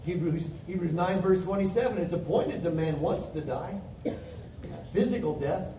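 High-voiced preacher in a roomy hall. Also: male voice, normal speed, mellow. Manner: emphatic, quotes scripture with rising fervor. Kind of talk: sermon. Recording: roomy distant mic with faint hiss.

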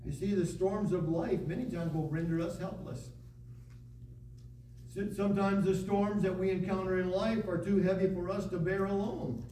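High-voiced preaching man in an echoey room. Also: fairly even intonation, moderate pace, warm tone, distant mic, slight background noise. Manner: preaching with rising emphatic repetition, reading scripture aloud. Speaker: pastor. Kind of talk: sermon.

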